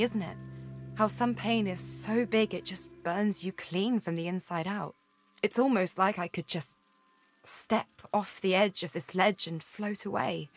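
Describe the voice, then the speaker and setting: An actress playing a haunted young woman fighting a demon inside her, speaking in halting, anguished bursts, with soft game music behind. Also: medium pitch, natural voice. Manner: halting, anguished, faltering speech. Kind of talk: video game voice acting.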